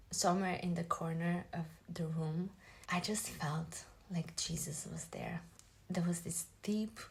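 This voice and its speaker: A woman earnestly giving a personal faith testimony as a mother, her voice soft and often slipping into a whisper. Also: sits low, vocal fry. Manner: earnest and heartfelt.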